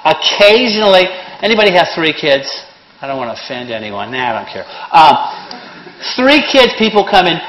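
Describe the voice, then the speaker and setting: A man's voice: fairly high pitch, normal speed. A middle-aged man teaching a CPR class with blunt, sarcastic jokes between his instructions. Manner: sarcastic, blunt, joking, lively. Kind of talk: classroom lesson with joking asides. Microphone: handheld or worn microphone. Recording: echoey room, faint noise.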